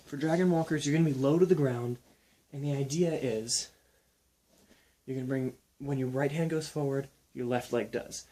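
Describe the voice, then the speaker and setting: A young man explaining and demonstrating ab exercises in a casual, relaxed way while counting reps aloud. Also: mid-range voice, moderate pace. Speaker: fitness instructor.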